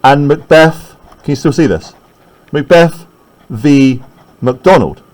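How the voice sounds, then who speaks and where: A man's voice: a little high, lively intonation, slow pace, a little mellow, low-quality recording. A male teacher lecturing a class in a classroom, explaining step by step and often asking "right?" to check that students follow.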